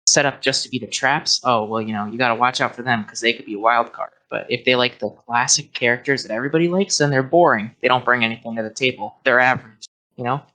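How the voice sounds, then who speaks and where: A man's voice: medium pitch, fast, pushed and bright, low-quality recording. A man appearing as a podcast guest, chatting in a laid-back, rambling way with lots of fillers. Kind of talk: casual podcast chat.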